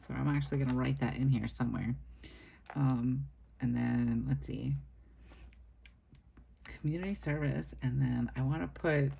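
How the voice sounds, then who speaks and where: Chatty low-voiced woman, gravelly. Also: moderate pace, pauses often, dark tone, a little hiss or hum. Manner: chatty, rambling, upbeat. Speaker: planner vlogger. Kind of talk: casual plan-with-me chat. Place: home desk. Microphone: camera set low on the desk.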